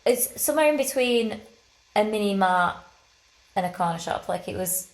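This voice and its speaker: A woman co-hosting a podcast, chatty and quick to giggle in a casual travel chat. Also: medium pitch, lively intonation. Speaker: podcast co-host.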